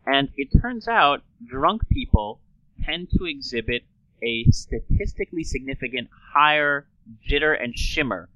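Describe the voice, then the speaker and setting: A man's voice: mid-range voice, pushed and bright, dry recording, poor audio. A man hosting a talk, explaining speech science in a playful, chatty way. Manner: playful, slips into an old-timey radio announcer voice.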